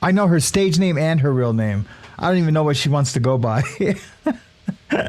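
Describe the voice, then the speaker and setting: A man's voice: fairly high pitch, expressive, darkish tone. Rambling man hosting a live morning stream. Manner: rambling, halting, many fillers and restarts; greets chat viewers by name. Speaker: livestream show host. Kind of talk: casual live-stream chat.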